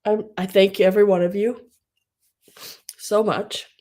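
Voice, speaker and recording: A woman hosting an online live sale, tearful and crying, talking haltingly and often dropping to a whisper. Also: medium pitch, little pitch movement, darkish tone. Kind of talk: emotional live-stream chat.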